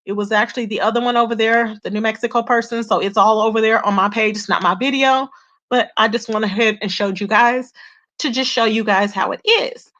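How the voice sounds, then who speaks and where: Chatty high-voiced woman vlogging gossip. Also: fairly even intonation, brisk, fairly bright tone, muffled recording. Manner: chatty, repetitive, addresses viewers as "child" and "y'all". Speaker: YouTube commentator. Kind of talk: casual gossip vlog.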